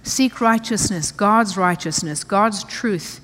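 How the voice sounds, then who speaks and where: A woman's voice: medium pitch, slow pace, a bit bright. Emphatic woman preaching in a reverberant hall. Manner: emphatic, repeats phrases, reads scripture aloud. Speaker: pastor. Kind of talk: sermon.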